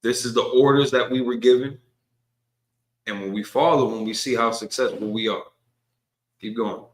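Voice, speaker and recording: A man's voice: mid-range voice, moderate pace, roomy sound. A man leading an informal Bible study, speaking loosely and with jokes and slang. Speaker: Bible class teacher. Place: room at a religious gathering.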